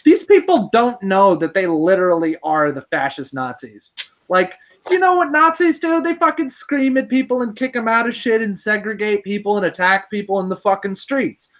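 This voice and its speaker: A woman's voice: medium pitch, lively intonation, normal speed. Woman ranting angrily with heavy swearing. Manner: angry, profane ranting. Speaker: podcast co-host. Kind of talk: casual podcast commentary.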